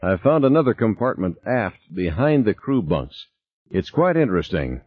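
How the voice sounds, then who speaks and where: A man's voice: sing-song, moderate pace, slightly rough, no echo. A man voicing a cool, self-assured woman scientist in a raised, breezy voice, on a slightly dull recording. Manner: breezy, raised voice, put-on female pitch.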